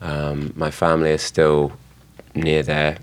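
A man's voice: very deep voice, monotone, takes it slowly, clean tone. A young man with a London accent, an actor chatting in an interview, hesitant with many fillers and restarts. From southwest London, England. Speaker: actor, guest. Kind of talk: casual interview chat.

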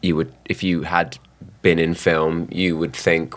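A man's voice: deep voice, flat delivery, a little slow, a bit bright. A man, an actor, chatting casually as a guest, often restarting his sentences. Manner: hesitant, lots of restarts. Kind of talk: casual chat.

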